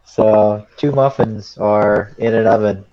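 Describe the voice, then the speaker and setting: A man co-hosting a podcast in casual chat, loud and animated. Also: lowish voice, takes it slowly. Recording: dull lo-fi sound.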